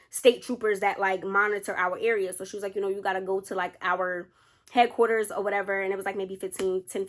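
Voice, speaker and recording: A young woman vlogger telling a personal story to her viewers, animated and chatty, often saying y'all and acting out what others said. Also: mid-range voice. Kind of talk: casual storytelling to camera. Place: indoors under a studio light.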